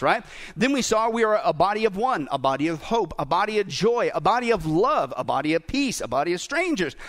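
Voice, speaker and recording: A man's voice: high-pitched, fairly bright tone. A middle-aged man preaching a sermon as pastor, joking and firing questions at the congregation. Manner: jokey, asks the crowd questions.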